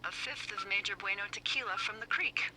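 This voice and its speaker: A woman's voice: fairly quick, heavy background noise, lightly acted. A woman voicing a wry, teasing female lookout supervisor in a video game, talking over a walkie-talkie with a playful, sarcastic manner. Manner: sarcastic, playful, swinging pitch.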